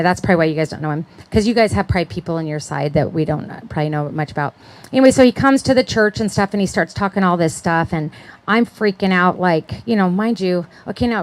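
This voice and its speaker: A woman's voice: on the low side, a little mellow. A middle-aged woman giving a chatty, conversational sermon at a conference, often checking in with her listeners and laughing. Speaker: conference speaker.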